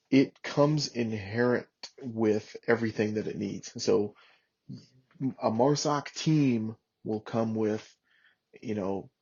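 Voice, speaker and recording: A man's voice: on the low side, darkish tone, breathy edge, muffled recording. Man, former marine, podcast guest, swears a lot, acts out radio calls, many fillers. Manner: profane, candid, quotes radio calls. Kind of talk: casual war story telling.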